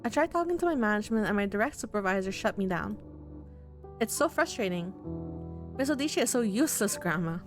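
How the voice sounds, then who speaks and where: A woman's voice: medium pitch, expressive, a little fast, over music, natural voice. A woman voicing an earnest, worried young man in a visual novel. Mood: upset. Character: earnest, anxious young man in his twenties.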